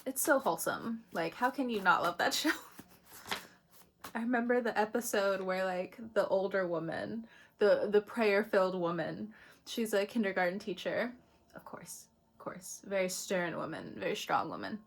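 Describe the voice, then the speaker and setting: Woman, mid-pitched voice, loose and chatty for a spiritual reading, quick laughs throughout and casual swearing. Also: gravelly, a little hiss or hum. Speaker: astrology reader.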